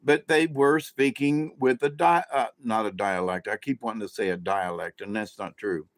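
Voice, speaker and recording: A man's voice: lowish voice, normal speed, no room sound. Rambling man in a dry close recording. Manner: rambling, many restarts. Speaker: vlogger, self-described channeler. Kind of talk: casual monologue.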